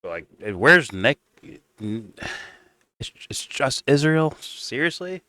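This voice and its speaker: A man's voice: medium pitch, big pitch swings, slow, bright, forceful tone, dry recording, clean studio sound. A man hosting a stream, giving rambling, profane, mocking reaction commentary in casual chat. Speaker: stream host.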